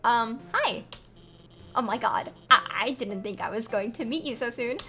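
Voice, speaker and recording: A timid, stammering female lizard scientist, as a woman puts her on, hesitant and apologetic in a slightly raised voice. Every phrase trips over itself nervously. Music plays clearly underneath. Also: on the high side, lively intonation, normal speed, bright, forceful tone. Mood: flustered. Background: background music.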